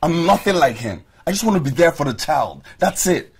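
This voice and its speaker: A man's voice: fairly high pitch, sing-song, fairly quick, breathy edge, full character voice. A man playing an earnest man who insists on caring for a pregnant woman, talking in a pleading, defensive way. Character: earnest man, insistent, eager to care for her. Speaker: man trying to stay close to a pregnant woman. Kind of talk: film acting.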